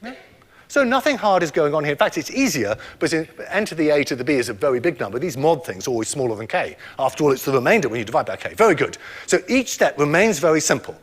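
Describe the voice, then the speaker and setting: A man's voice: a little high, very animated, fast talker. An older man giving a public lecture, explaining math step by step in a playful way and quizzing his audience.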